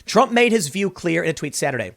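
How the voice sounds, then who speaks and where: High-voiced man doing political commentary. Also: big pitch swings, fast talker, creaky, fairly bright tone. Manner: reads news excerpts, then breaks in with casual remarks; casual slang like "dude" and "man". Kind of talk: political commentary, reading news aloud.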